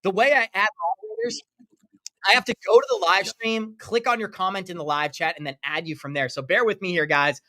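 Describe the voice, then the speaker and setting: Upbeat male live-stream host, bright and high-pitched, effusive and chatty. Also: expressive, brisk. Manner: upbeat, effusive, thanking viewers by name. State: running out of breath. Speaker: crypto livestream host. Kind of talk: live stream chat, reading donations.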